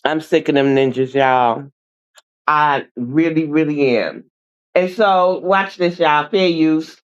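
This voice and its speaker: A woman's voice: sits low, slow, highs cut off. A woman hosting an online show, talking bluntly and with exasperation straight to her viewers in casual commentary.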